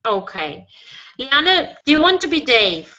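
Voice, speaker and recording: This is a woman teaching an English class over a video call, with a high voice and a bright, crisp edge. She guides students patiently and keeps offering encouragement as she corrects them. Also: very animated, a little slow, lo-fi sound, a little hiss or hum. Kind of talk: online English lesson.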